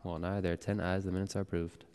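A man serving as board clerk, calling the roll and reading announcements in a formal, measured way in a city hall chamber. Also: low-pitched, level tone, a little mellow, clear, resonant tone. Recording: echoey chamber with long reverb.

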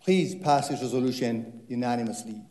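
A man's voice: mid-range voice, brisk, warm tone, roomy sound. An Iranian-born man giving an impassioned, pleading public comment at a city council meeting. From Iran.

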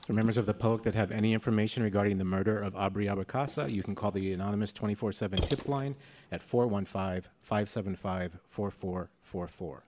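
A man presiding over public comment at a city meeting reads rules and announcements at a quick clip. His voice is somewhat low and mellow, and his delivery is brisk and businesslike. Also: a little hiss or hum. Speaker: commission official running public comment. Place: city commission meeting hall.

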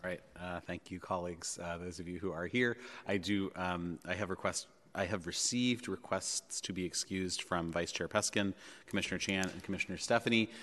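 Deep-voiced man chairing a public meeting. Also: a bit bright. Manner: measured, with frequent ums and uhs. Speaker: board chair. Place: legislative chamber in a city hall. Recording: long reverb of a large chamber.

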